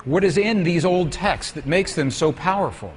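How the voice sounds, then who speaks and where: A man's voice: fairly high pitch, moderate pace, a little hiss or hum. A man giving a storytelling lecture with slides to an audience, asking them questions as he goes.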